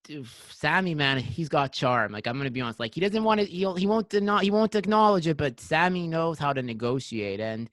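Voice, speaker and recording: Male podcast host, slightly high-pitched, rambling casual delivery, dry mic. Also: brisk, few pauses, fairly bright tone, dry recording. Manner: rambling storyteller, heavy filler words. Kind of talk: casual chat.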